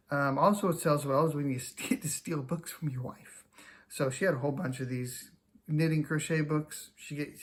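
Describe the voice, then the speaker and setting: A man's voice: medium pitch, gravelly. A man chatting casually to camera as a small-time reseller, self-mocking and full of fillers. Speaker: reseller and vlogger.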